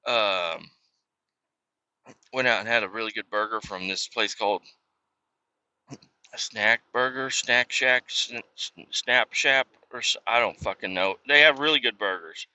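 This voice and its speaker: A man in his thirties hosts a casual podcast, swearing freely as he rambles through his story and mimics the people in it. His voice is bright and sharp, at a middle pitch. The sound is dry and a bit dull, like a lo-fi recording. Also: measured pace, long pauses, dry recording. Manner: profane, rambling, acts out others' lines. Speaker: podcast host.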